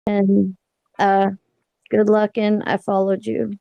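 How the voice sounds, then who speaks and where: Casting: woman host, gentle, hesitant, calls people honey, dry close sound. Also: mid-range voice, completely flat delivery, slow pace, creaky, no room sound, dull audio. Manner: sweet-talking, hesitant with ums. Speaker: livestream host asking questions. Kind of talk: casual chat.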